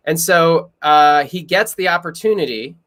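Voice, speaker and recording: Excitable young man, bright sharp voice. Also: on the high side. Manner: quick, excitable, breaks into laughs and loud yells. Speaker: podcast host. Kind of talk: casual chat.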